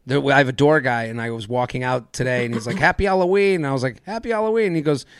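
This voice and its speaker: A man hosting a casual comedy podcast, telling stories in a joking, animated way. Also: mid-range voice, clear, resonant tone, no room sound, clean studio sound. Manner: joking, animated storytelling with quick laughs. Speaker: podcast host.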